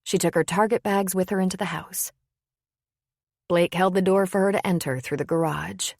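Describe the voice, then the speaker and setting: Woman narrator, low gravelly voice, steady audiobook reading. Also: normal speed, no room sound, clean studio sound. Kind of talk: scripted narration.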